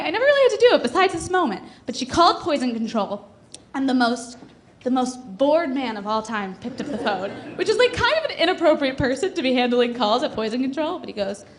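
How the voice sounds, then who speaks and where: A young woman performing a stand-up comedy set on a club stage into a handheld mic, with a hesitant, deadpan delivery full of fillers. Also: high voice, fast. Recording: noisy live club recording.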